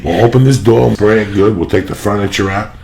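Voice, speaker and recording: A man hosting a podcast, loud and profane, telling rambling stories in casual chat in a studio. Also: fairly low pitch, steady tone, a little fast, gravelly, a little hiss or hum. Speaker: podcast host.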